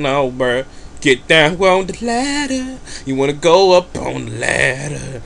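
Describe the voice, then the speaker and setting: This is a man giving relaxed, off-the-cuff commentary while he plays. His voice sits high and sounds piercingly bright. He rambles through crude jokes and heavy slang in a loose, casual way. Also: moderate pace, creaky. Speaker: let's play commentator.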